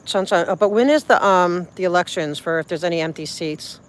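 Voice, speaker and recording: This is casual live-stream chat: the streamer reads viewer messages and talks effusively, rambling and restarting many times. The voice is smooth, medium-pitched and brisk, captured on a phone outdoors at night.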